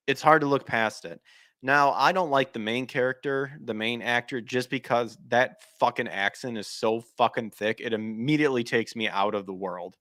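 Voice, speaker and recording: A man's voice: mid-range voice, a bit bright, no echo. Man, podcast host, blunt casual rant, frequent swearing, stop-start sentences, dry close sound. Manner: restarts and trails off mid-sentence.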